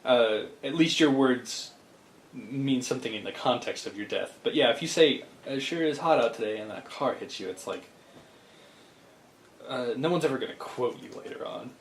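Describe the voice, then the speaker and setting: A man's voice: mid-range voice, expressive, normal speed, slight background noise. A man co-hosting a podcast, chatting casually and rambling with enthusiasm, often restarting his thoughts. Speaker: podcast co-host. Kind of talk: casual chat. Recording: echoey room with faint ambience.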